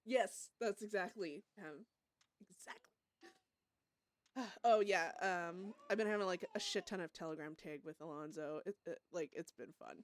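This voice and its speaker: Excitable woman streamer. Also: fairly low pitch, moderate pace, no room sound. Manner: excitable and emotional, laughing and gasping often; chatty, with frequent restarts and swearing. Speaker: streamer and roleplayer. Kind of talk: casual live-stream commentary.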